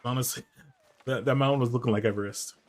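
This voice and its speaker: A man from the American Midwest chatting casually while he streams a game, answering his chat's questions out loud. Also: mid-range voice, steady tone, fast. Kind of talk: casual gameplay commentary.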